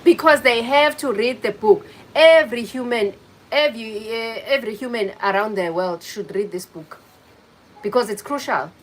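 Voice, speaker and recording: A woman hosting a casual livestream talks with viewers at a moderate pace, her voice on the high side. She greets people by name and teases them as they chat. The audio is poor, with a little hiss or hum.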